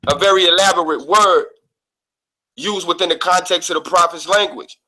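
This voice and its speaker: A man speaking as a guest on an online call, calmly and methodically breaking down the meaning of words step by step. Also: high voice, normal speed, low-quality recording.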